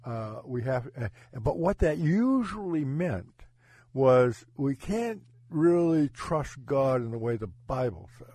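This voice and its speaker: A man who is a pastor, telling his faith story in an earnest, halting way with frequent restarts. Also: fairly high pitch, very animated, mellow, no echo. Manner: halting, self-correcting, earnest. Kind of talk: personal testimony in conversation.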